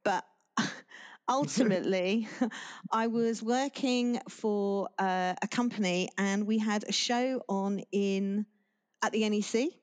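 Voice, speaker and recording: A woman speaks as a podcast guest in a mid-range voice, telling a long story with many restarts and pauses. Her delivery is relaxed and conversational, and she laughs now and then as she talks. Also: mid-range voice, clear, resonant tone. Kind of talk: casual interview chat.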